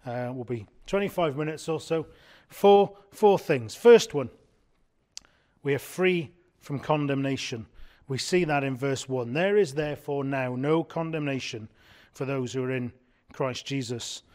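A man preaching an evening sermon, earnest and emphatic, repeating key words and slowing down to stress them. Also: mid-range voice, darkish tone.

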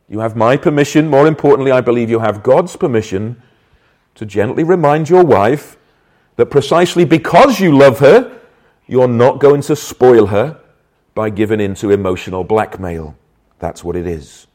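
A man's voice: mid-range voice, sing-song, moderate pace, darkish tone. A man preaching an earnest sermon, stressing points and asking the listeners direct questions. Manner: earnest, emphatic, rhetorical questions.

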